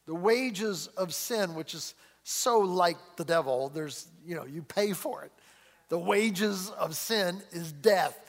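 High-voiced chuckling male preacher, reverberant hall. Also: lively intonation. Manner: conversational preaching, chuckles often, slows and rises for emphasis. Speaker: pastor. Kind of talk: sermon. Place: church sanctuary.

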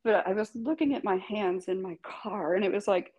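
A middle-aged woman who works as a tattoo artist recounts her own story as an interview guest. Her mid-range voice is husky and darkish, at a moderate pace, with the highs cut off. She speaks emphatically, laughs often, and swears casually.

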